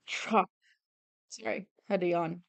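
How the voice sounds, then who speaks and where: A woman's voice: lowish voice, fairly even intonation, slow pace, creaky, a bit bright, no echo. A young woman streaming her drawing, chatting casually in a rambling, self-deprecating way and laughing often. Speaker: streamer and artist. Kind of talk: casual chat while drawing.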